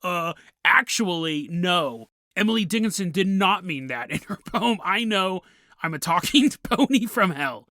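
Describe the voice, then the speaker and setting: A man voicing a devoted, creepy male demon pony from hell, speaking slow and low and slipping into a whisper. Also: animated, sharp tone, no room sound, clean studio sound, full character voice. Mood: know-it-all. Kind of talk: comedic storytelling.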